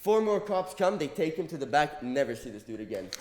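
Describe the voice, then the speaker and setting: A man from Mexico co-hosting a podcast, telling a story in a casual, animated way, swearing often and acting out what other people said. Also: mid-range voice, a little fast. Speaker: podcast co-host. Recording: roomy echo.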